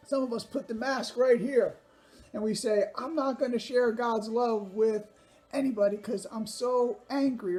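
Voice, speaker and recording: A woman's voice: mid-range voice, a little mellow. A woman giving an upbeat children's sermon, talking straight to young viewers. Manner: upbeat, talks directly to kids.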